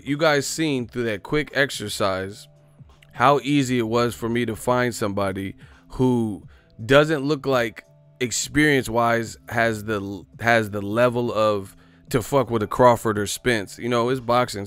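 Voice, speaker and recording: A man doing loose, joking boxing commentary for his online channel, in slangy street talk with quick put-on voices. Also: mid-range voice, a bit bright, clear, resonant tone, soft background music. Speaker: boxing YouTuber. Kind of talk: casual comedic boxing commentary.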